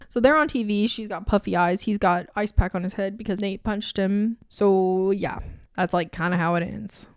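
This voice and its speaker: A sarcastic young woman in her twenties rambles through a casual book review, swearing as she goes. Her voice is smooth and clean, recorded close and dry. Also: medium pitch, normal speed, no echo.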